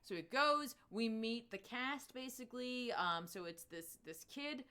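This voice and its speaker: A woman co-hosting a comics podcast, casually recapping a book in a chatty, filler-heavy way with lively swings in pitch. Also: unhurried, clear, resonant tone.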